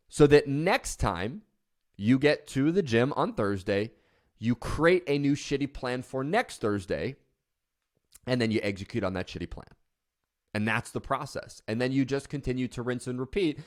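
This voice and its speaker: A man giving a passionate, emphatic motivational talk. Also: medium pitch. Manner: passionate, emphatic, mocking voice at the start. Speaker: motivational speaker.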